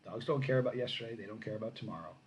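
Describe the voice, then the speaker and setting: A middle-aged man hosting a casual live stream, reading viewer comments and telling lively stories that grow loud when he gets excited. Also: fairly low pitch, racing, low-quality recording. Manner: animated storyteller, rising loud when excited.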